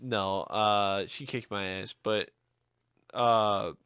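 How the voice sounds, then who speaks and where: A man's voice: lowish voice, fairly even intonation, drawn-out words, a bit bright, clear, resonant tone, dry recording, clean studio sound. A man co-hosting a casual podcast, joking around with crude banter and lots of swearing. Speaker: podcast co-host. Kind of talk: casual chat.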